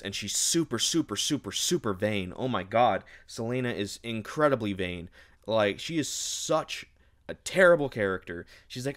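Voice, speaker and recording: A man's voice: fairly low pitch, a bit bright. A man giving a casual book review, rambling and sarcastic, exasperated by what he has read.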